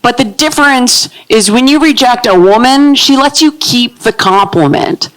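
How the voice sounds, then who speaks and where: A woman in her thirties with a low, manly-sounding voice, performing a live stand-up set in a comedy club with a deadpan delivery. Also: normal speed, rough recording. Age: 30s.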